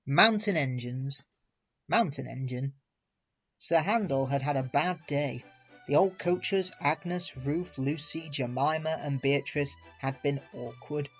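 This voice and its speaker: A man reading a storybook aloud in an even, clear way. His voice is breathy, with soft music under a muffled, slightly dull recording. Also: fairly high pitch, slow. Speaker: narrator.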